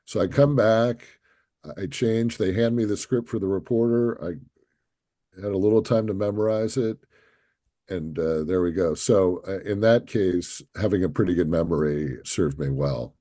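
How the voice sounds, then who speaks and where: Brief: male podcast co-host, low mellow voice, easygoing anecdotes. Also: normal speed, no room sound, clean studio sound. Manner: anecdotal, relaxed. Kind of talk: casual podcast chat.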